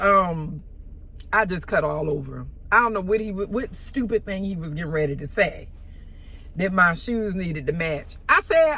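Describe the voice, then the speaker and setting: A woman telling a story in a casual vlog, sassy and animated, with sudden loud exclamations and soft asides. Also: medium pitch, a little slow.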